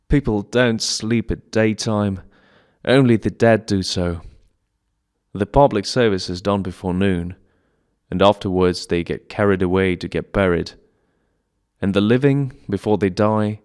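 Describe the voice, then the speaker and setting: A man's voice: on the low side, clear, resonant tone. A man performing a one-man stage monologue, telling it in a plaintive, childlike way. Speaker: solo stage actor. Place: theatre stage.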